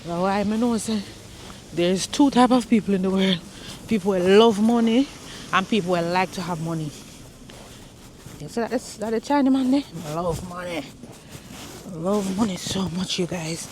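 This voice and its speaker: A woman's voice: medium pitch, a little slow, long pauses, darkish tone, slight background noise. A young woman, chatting casually to her viewers as she vlogs on snowy streets. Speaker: vlogger. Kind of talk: casual vlog chat.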